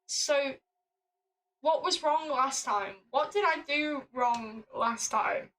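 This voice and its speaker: A woman's voice: high voice, slow, rough recording. A young woman streaming a puzzle game, reading game text aloud and swearing in frustration. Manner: swears a lot, exasperated, bursts into loud laughing rants. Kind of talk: casual live game commentary.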